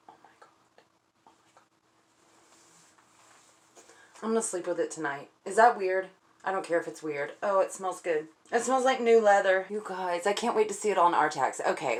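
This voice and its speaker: A woman's voice: fairly low pitch, fairly bright tone. A young adult woman, gushing and emotional as she unboxes something on her vlog at home. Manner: gushing, emotional, self-deprecating. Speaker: vlogger. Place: home indoors.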